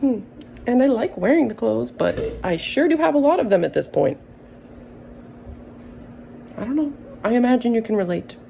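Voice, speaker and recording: A woman in her early thirties speaks in a relaxed, warm tone with plenty of vocal fry. She drifts through a casual monologue, wandering off on tangents with dry, self-mocking humor and the odd curse. A faint hum sits behind her. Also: fairly high pitch, normal speed, long pauses, rough recording. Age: early 30s. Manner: rambling, tangent-prone, wry and profane. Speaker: vlogger.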